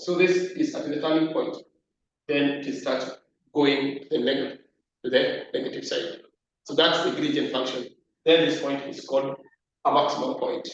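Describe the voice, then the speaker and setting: A man teaching a maths class at the board, repeating key terms and asking the class questions. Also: fairly high pitch. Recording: echoey room, distant lo-fi mic.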